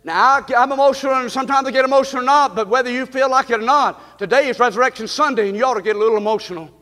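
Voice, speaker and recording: A pastor preaching a fiery Easter sermon in a church, shouting in bursts and then dropping low. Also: male voice. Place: church sanctuary. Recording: long church reverb.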